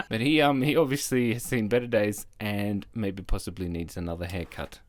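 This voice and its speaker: A man's voice: on the low side, fairly even intonation, moderate pace. A man in his thirties from Australia hosting a comedy vlog, playful and self-mocking and often laughing. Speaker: comedy YouTuber host.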